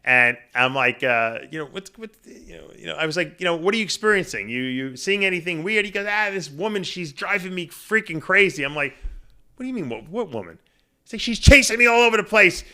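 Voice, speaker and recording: A man hosting a podcast, chatty and quick to react with laughs. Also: high-pitched, very animated, sharp tone, smooth. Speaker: podcast host. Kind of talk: casual chat.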